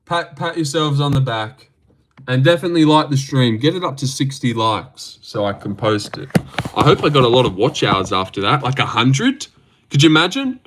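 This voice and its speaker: A young man hosting a casual livestream, reacting to fights in a loose, sweary, excitable way into a desk mic. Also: mid-range voice, moderate pace, a little hiss or hum. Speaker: livestream host.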